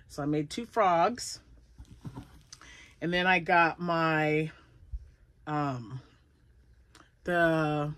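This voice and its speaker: A woman's voice: fairly low pitch, a bit bright. An older woman chatting casually at home about her crochet projects, rambling and laughing often. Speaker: crochet vlogger. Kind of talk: casual chat.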